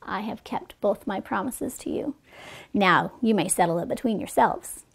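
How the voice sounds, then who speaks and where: A woman voicing a sly, cunning male fox in a children's storybook fable, talking in a persuasive, sometimes hushed way. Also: medium pitch, normal speed, creaky, husky. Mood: plaintive.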